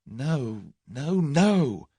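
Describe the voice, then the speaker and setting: A man voicing a spirited, quick-tempered young English woman with sharp, indignant retorts. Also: medium pitch, very animated, husky, no room sound, voice pushed up, heavily acted.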